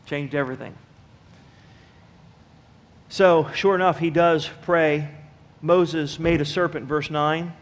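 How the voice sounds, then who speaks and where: A man's voice: fairly high pitch, steady tone, slow, pauses often. A middle-aged male pastor preaching a sermon in a church, telling a personal story in a folksy way and speaking straight to his congregation. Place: church sanctuary.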